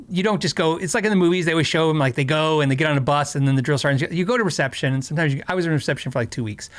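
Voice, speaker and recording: A man's voice: a little high, no echo. A middle-aged man from Arizona hosting a casual livestream chat, telling stories with lots of fillers and restarts. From Arizona, USA. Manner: rambling, storytelling, frequent fillers and restarts, laughs often. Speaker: host.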